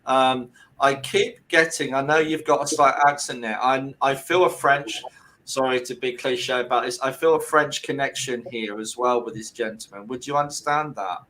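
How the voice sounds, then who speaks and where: A man working as a medium on a video call, talking in halting, self-correcting bursts and often checking whether his words make sense. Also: medium pitch, steady tone, pushed and bright, slight background noise, poor audio. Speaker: medium giving a reading. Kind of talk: spiritual reading on a group video call.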